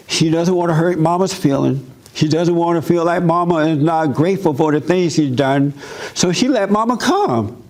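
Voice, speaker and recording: A man preaching an informal sermon, talking with his congregation and acting out others' voices. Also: normal speed. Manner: animated, acts out mother in a high voice.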